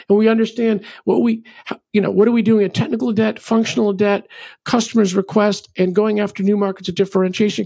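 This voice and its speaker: A middle-aged man, a podcast guest, giving animated conversational advice with lots of ums and a rambling, energetic way of storytelling. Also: sits high, creaky, husky, no echo, studio quality. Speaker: podcast guest, venture capitalist.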